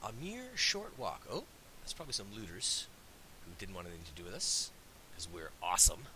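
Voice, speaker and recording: A man as host giving jokey, excitable let's play commentary. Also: deep voice, quick pace, slight background noise. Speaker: gaming host.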